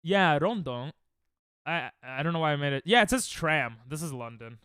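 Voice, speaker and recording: Lively young man streaming games. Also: a little high, moderate pace, clear, resonant tone, no echo, clean studio sound. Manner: excitable, reacting aloud and bantering with chat. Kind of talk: casual live-stream chatter while gaming. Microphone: headset.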